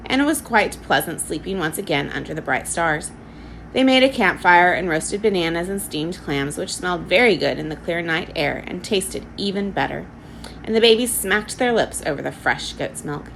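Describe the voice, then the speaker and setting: A woman teacher reads a children's storybook aloud with expressive narration. Her low voice carries a gravelly edge and a lively, rising-and-falling melody. Faint noise runs under the reading. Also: moderate pace, poor audio.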